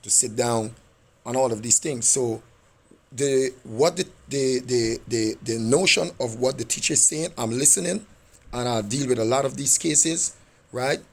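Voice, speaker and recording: A man with a gravelly, somewhat husky voice presses his point in a meeting at a school office. He speaks as a parent and coach, insistent and repetitive. He keeps checking in with "right?" as he goes. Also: medium pitch, unhurried. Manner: insistent, repeats "right?" often. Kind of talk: heated meeting with school staff.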